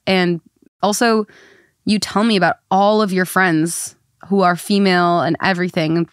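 A young woman guest co-host telling a story in lively casual chat, laughing often. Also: on the low side, moderate pace, smooth, no room sound, studio quality.

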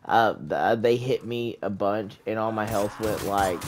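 A gamer giving excited commentary, swearing often and crying out in panic while laughing at their own mishaps. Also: mid-range voice, a little slow, hardly any pauses, a little hiss or hum. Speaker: gamer playing live. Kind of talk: game commentary.

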